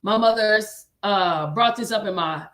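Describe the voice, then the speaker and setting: The host, a woman with a Southern drawl, speaks unhurriedly in a medium-pitched, slightly bright voice. On her livestream for choir directors she preaches with exhortation, repeats "come on," and reads viewers' comments out loud.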